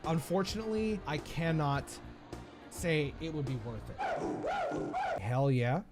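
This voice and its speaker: A man hosting a video essay, giving crude comedic commentary in a blunt, jokey way. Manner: blunt, crude, jokey, with lively swings of pitch. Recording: voice-over with loud music behind.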